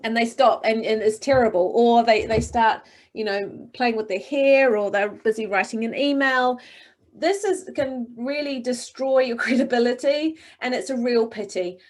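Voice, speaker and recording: A middle-aged woman with a slightly high voice leads a webinar session for speakers. She sounds encouraging and expressive. The sound is that of a video call. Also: moderate pace. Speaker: presentation coach. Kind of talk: webinar coaching talk.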